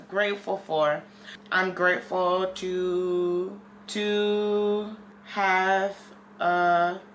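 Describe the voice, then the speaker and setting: A woman's voice: fairly low pitch, a bit bright, a little hiss or hum. A woman vlogger talking candidly in a casual, rambling video diary.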